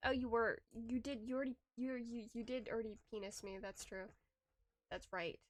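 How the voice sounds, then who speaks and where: Speaking a little fast in a fairly high voice, this young woman streamer rambles through casual chat with her audience, reading chat aloud. She laughs a lot, keeps restarting sentences, and sits near a desk mic in a space with no room sound.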